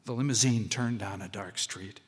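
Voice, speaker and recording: A man giving a live stage reading of a short story, expressive and dry, in a large public hall. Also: on the low side, moderate pace, husky. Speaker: story reader. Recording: live hall, long reverb.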